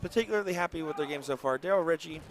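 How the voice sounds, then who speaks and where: A man's voice: on the high side, rapid-fire. A man doing live darts commentary with a jokey, bantering, self-mocking manner, calling the match from a casino event hall.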